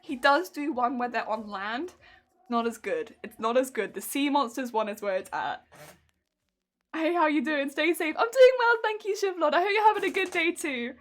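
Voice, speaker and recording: A woman's voice: high voice, expressive, normal speed. A chatty, giggly young woman streaming while she sews, gushing about a show and reading out chat. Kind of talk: casual chat while sewing. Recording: faint background music.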